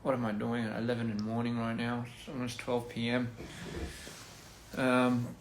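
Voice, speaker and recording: A man's voice: mid-range voice, completely flat delivery, moderate pace, reverberant, a little hiss or hum. A man chatting casually on a phone livestream, rambling through goofy wordplay and laughing at his own jokes. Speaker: livestream host.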